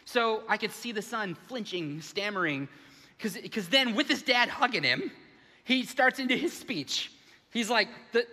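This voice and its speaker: A man from the United States preaching a sermon as pastor, animated and acting out the voices in his stories. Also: high-pitched, moderate pace, in a large hall. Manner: animated, acts out voices, frequent restarts. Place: large church sanctuary.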